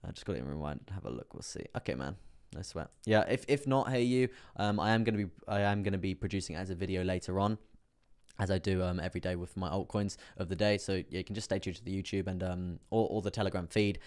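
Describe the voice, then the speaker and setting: A young man with an English accent talks through price charts on a live stream. His voice sits on the low side and stays fairly monotone, and his delivery is chatty and relaxed. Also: fast talker, clear, resonant tone. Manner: chatty, laughs often, reads chat aloud. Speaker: crypto trading streamer.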